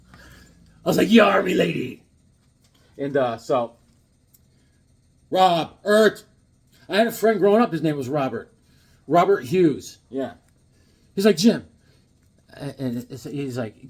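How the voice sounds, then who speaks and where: A man shows off his comic collection in a loose, jokey vlog, breaking into excited exclamations. His voice is husky and sits somewhat high. It leaps up and down with lively swings in pitch. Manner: animated, jokey, bursts of exclamations. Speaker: comic book vlogger. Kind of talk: casual show-and-tell vlog.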